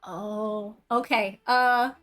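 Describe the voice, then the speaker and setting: A woman's voice: medium pitch, steady tone, drawn-out words, fairly bright tone, soft background music. A woman playing in a tabletop game, eager and playful, often giggling. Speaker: player. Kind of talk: casual tabletop play.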